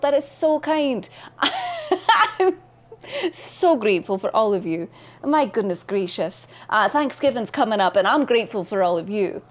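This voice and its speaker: Upbeat female streamer with a bright high register and sing-song delivery, chatting with her live audience. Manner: bubbly, greets chatters by name, laughs often. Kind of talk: casual live-stream chat with viewers.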